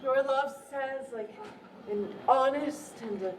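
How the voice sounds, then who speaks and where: A fussy, theatrical aunt played by a woman who teases and groans about her aches. The voice sits high and unhurried. It comes from a distance on an echoey outdoor stage, with music faintly behind. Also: slight background noise. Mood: teasing. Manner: teasing, theatrical groaning and laughing. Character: fussy aging aunt, woman, dramatic complainer. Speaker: stage actor. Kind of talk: live outdoor theater acting.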